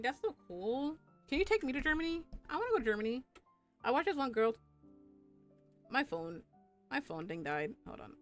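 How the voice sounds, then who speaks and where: A young adult woman chatting casually on a live stream, rambling and swearing with lots of filler words. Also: mid-range voice.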